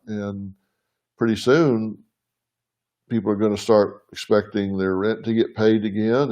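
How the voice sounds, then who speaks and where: A man's voice: medium pitch, darkish tone. A man hosting a live show from his home, speaking earnestly and plainly to viewers, thinking aloud as he answers their questions. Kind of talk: live casual address to viewers.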